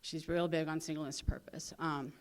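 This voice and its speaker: A woman's voice: deep voice, steady tone, brisk. A woman in her thirties from St. Louis, speaking at a recovery convention and telling her story candidly, with lots of fillers and quoted voices. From St. Louis, USA. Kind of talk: personal recovery story told to an audience.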